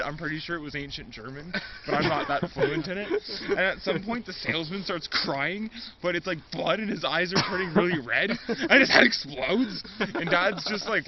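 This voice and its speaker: Young man, high voice, rambling comic storytelling, lo-fi muffled recording, crowd noise. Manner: rambling, heavy use of "like", chuckling. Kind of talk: absurd improvised comedy story.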